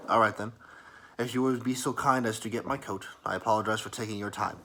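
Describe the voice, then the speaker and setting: Whispered role-play of an earnest, weary young woman, as a male storyteller puts her on. She speaks softly and politely, often apologizing, in a bright, crisp tone. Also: on the low side, steady tone, fast.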